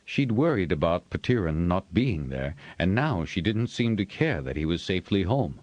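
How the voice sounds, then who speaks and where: Male audiobook narrator, measured storytelling, very deep voice, lively pitch. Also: no room sound, dull audio. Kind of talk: scripted narration.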